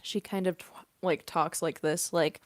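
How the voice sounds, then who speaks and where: A young woman and voice actress chatting in a quiet, soft-spoken late-night Q&A at home, laughing often. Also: lowish voice, fairly even intonation, moderate pace, dry recording. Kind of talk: casual late-night Q&A chat.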